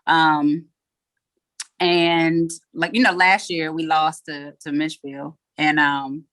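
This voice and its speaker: Woman, lowish voice, frank and candid, acts out quotes, dry close sound. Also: level tone, slow pace, fairly bright tone, no echo. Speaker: head coach, guest. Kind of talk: casual interview chat.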